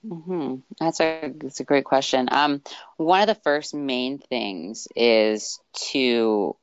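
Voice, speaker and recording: A woman from Canada, a sport scientist, talks in a lively way with many "like"s and restarts. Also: rumbling low, slow pace, clean tone, no echo, highs cut off. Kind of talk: conversational interview.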